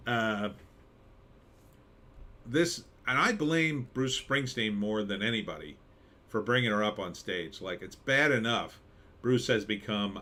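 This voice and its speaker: A man's voice: fairly low pitch, a bit bright. A man hosting a casual live stream, reading chat and giving sarcastic commentary with mocking asides. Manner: sarcastic, jumps into mocking skits and pirate voices.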